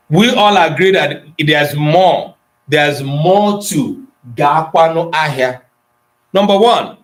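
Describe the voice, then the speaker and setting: A man teaching an Igbo grammar lesson to an online class, addressing students by name and moving between English, Igbo and Pidgin. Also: high voice. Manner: slow and deliberate, with pauses and repetitions.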